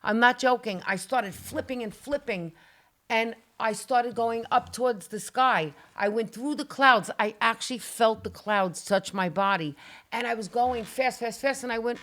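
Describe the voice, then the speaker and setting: Woman, middle-aged, guest, animated storytelling, dramatic, casual swearing. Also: on the high side, moderate pace.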